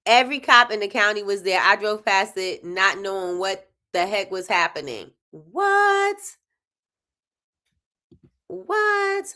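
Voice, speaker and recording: A middle-aged woman hosting a casual chat, animated and laughing often as she talks straight to her viewers. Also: medium pitch, moderate pace, hardly any pauses. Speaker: host.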